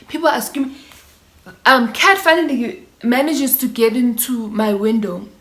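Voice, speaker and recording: Young South African woman vlogger, casual storytime delivery with Zulu slang mixed in, a touch high-pitched, roomy echo. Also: measured pace. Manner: animated storytelling with Zulu slang and mimicked voices. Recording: echoey room.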